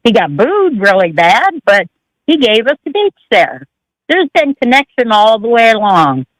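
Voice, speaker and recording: A woman's voice: fairly high pitch, very animated, unhurried, no echo. A woman calling into a radio show, chatty and confiding as she shares her views. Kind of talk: call-in commentary.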